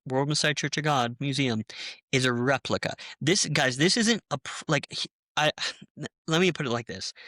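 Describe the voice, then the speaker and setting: A young man recounts his break from a church with heated, animated energy, slipping into the voices of the people he quotes. His tone is bright and forceful. The recording is close and dry, with no room sound. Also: on the high side, dry recording. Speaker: former church member telling his story. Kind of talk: personal testimony in a conversation.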